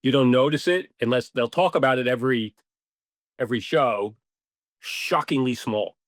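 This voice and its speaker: A man, a podcast guest, telling stories in a casual, animated way, swearing now and then and acting out what people said. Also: medium pitch, moderate pace, no room sound, studio quality. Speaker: podcast guest, ball marker maker. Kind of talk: casual storytelling interview.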